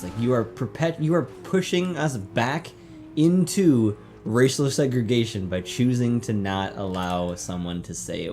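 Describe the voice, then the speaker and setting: A man co-hosting a casual gaming chat, a little drunk, rambling, swearing and bursting into loud laughs. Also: medium pitch. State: tipsy. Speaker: let's play co-host.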